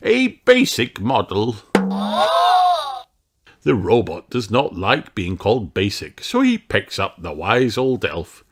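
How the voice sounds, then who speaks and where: Slow, expressive children's story reader. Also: male voice, fairly low pitch. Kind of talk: children's story read aloud. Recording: noisy home recording.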